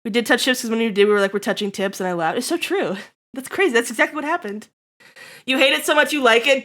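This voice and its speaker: A bright, high-pitched young woman chats with her stream audience. She laughs often and slips into playful mock-angry rants with a sharp, ringing tone, swearing freely. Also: lively intonation, fairly quick. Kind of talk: casual live-stream chat with viewers.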